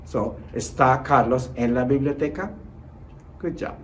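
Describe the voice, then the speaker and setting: A man teaching a recorded online lesson as a Spanish teacher, encouraging his students and modelling example sentences slowly and clearly. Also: medium pitch, rough recording. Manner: encouraging, repeats short praise and reassurance.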